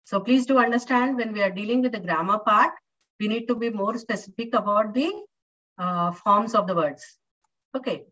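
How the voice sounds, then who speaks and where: A woman's voice: mid-range voice, moderate pace, a bit bright. A woman lecturer with an Indian English accent explains patiently, repeating points and asking students questions. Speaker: university lecturer. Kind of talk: classroom lecture. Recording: distant, dull lo-fi classroom recording.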